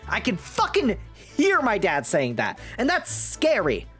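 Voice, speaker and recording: Young man, game streamer, casual, profane, excitable, animated pitch. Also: a little slow, slightly rough, soft background music.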